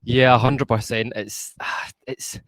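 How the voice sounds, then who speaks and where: A man's voice: mid-range voice, flat delivery, takes it slowly, a bit bright. A Scottish man co-hosting a podcast, giving blunt, emphatic post-match football opinions and often stumbling over his words. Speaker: podcast co-host.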